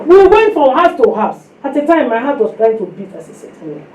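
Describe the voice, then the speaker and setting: A woman preaching a sermon to a women's fellowship, telling a personal testimony in an animated way and acting out the voices of the people in it. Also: sits high, a little fast, muffled recording, slight background noise. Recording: echoey room, distant mic.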